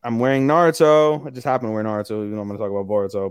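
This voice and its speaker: A man co-hosting a podcast, casually recapping episodes in an animated way, acting out characters' lines and swearing freely. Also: fairly low pitch, rapid-fire, hardly any pauses, clean tone, dry recording, studio quality. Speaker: podcast co-host.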